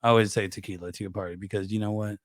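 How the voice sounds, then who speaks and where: A man's voice: on the low side, steady tone, very fast, no room sound. A man hosting a casual podcast chat, scattered and searching for names with lots of filler.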